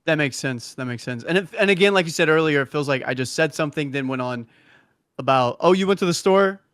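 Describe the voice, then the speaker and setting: A man's voice: medium pitch, fast, fairly bright tone, smooth, no echo, studio quality. A man co-hosting a stand-up review stream, mostly giving brief agreeing replies. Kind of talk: live-stream commentary.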